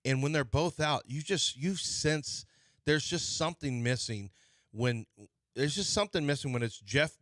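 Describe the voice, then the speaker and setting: Man, sports talk host, animated, playful arguing, bright tone, higher pitch. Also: moderate pace, dry recording, studio quality. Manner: animated, playfully argumentative, jumps between topics. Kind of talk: casual sports talk banter. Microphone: studio mic.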